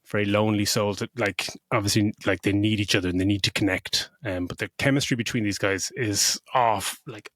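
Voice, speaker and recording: Fast-talking and barely pausing, this middle-aged podcast co-host has a lowish voice. He gushes effusively about a movie in relaxed chat, swearing liberally while he replays scenes with energy.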